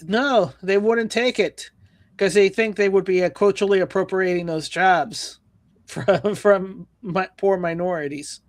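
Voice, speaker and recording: A man's voice: sits high, unhurried, dry recording. A man hosting a livestream, reading viewer comments and news aloud with sarcastic jokes. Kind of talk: casual news roast chat.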